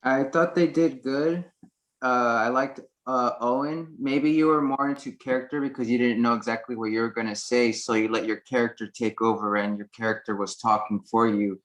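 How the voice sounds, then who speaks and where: A man's voice: medium pitch, steady tone, moderate pace, a bit bright, rough recording. A man in a wrestling class giving casual feedback to classmates, loose and full of fillers like "like" and "uh". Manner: loose, filler-heavy, easygoing. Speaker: wrestling student.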